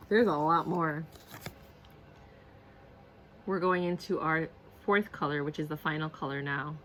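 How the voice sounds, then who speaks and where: A woman's voice: low-pitched, measured pace, a little hiss or hum. Gushing woman reviewing a card deck. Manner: gushing, animated, repeats herself, laughs often. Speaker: tarot and oracle deck reviewer. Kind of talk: casual on-camera product review.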